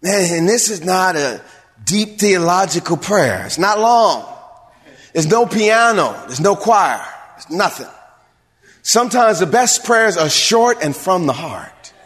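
A man's voice: high-pitched, expressive, measured pace, a bit bright. A man, a pastor, preaching a sermon to his church, building to emphatic calls and asking the congregation if they hear him. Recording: long reverb of a large hall.

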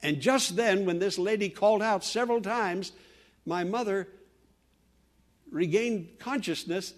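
An older male pastor delivers a sermon in a fairly high voice. He swings from ringing, emphatic declarations to quiet, hushed storytelling. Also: a little slow, long pauses.

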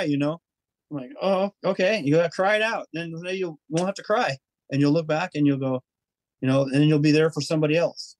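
An earnest man with a fairly high voice tells his story in a rambling, heartfelt way. He often slips into quoting his own inner voice. The sound is dry and close, with no room around it. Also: fairly quick, no room sound, low-quality recording. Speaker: podcast guest. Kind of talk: emotional personal storytelling.

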